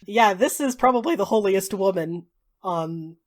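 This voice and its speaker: A woman game master narrates a tabletop game casually and chattily. She laughs often between lines. Her voice has a middling pitch. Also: lively intonation, measured pace.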